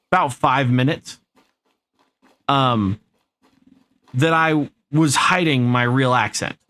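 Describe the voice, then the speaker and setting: A man's voice: mid-range voice, a bit bright. An American man chatting casually on a live stream while playing a game, rambling through an anecdote and swearing freely. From United States.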